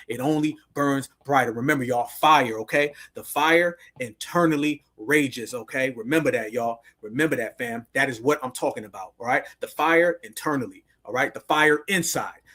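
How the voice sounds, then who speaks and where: A man's voice: mid-range voice, sharp tone, breathy edge. A man hosting a livestream, giving a fired-up, preachy rallying monologue full of repeated call-and-response phrases. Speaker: livestream host.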